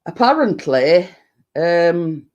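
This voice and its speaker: Rambling deep-voiced Yorkshire woman. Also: sing-song, takes it slowly, a little mellow, lo-fi sound. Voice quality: a bit deep. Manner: rambling, full of fillers and restarts. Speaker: livestream host. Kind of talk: casual live chat.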